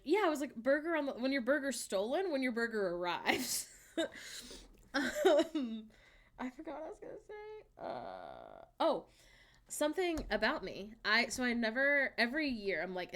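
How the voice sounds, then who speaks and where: A woman in her thirties, chatting casually as a streamer and answering her viewers' messages. She talks in a loose, chatty way and laughs often. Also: medium pitch.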